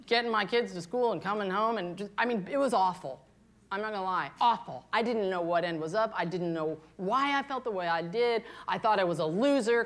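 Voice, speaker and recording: A woman in her fifties, a pastor preaching a candid, confessional sermon, moving between hushed and impassioned. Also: medium pitch. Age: 50s.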